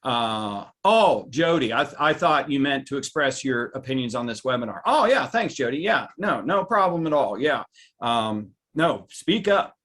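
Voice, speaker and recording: A man presenting a live webinar, animated, reading out viewers' reactions by name and jumping up in pitch for emphasis. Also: normal speed. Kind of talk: lively live webinar talk.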